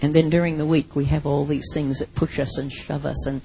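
A woman preaching a sermon, telling a Bible story with lively acted-out asides. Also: low voice, fairly quick, vocal fry, few pauses, husky, rough recording.

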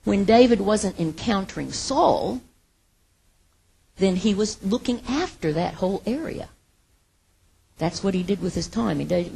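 A woman teaching from the Bible in a casual sermon, retelling the story with lively acted quotes and laughter. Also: fairly low pitch, vocal fry, breathy edge.

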